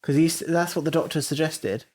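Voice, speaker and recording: A co-host in a relaxed podcast chat. They keep asking questions and pick up each new idea with curiosity. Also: mid-range voice, normal speed, slightly rough. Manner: curious, asks lots of questions. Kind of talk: casual chat.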